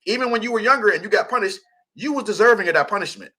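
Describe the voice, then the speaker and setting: Give me a blunt, profane man teaching scripture on the radio, bright and a bit high. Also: expressive, racing. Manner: blunt, profane, laughs often. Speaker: religious teacher hosting a radio show. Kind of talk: scripture teaching in casual talk.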